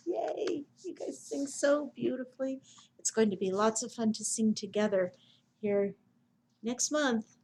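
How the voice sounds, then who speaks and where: Gentle sing-song woman librarian. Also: on the high side, gravelly, husky, rough recording. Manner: gentle, slow sing-song reading to babies. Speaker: children's librarian. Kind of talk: baby storytime reading and singing.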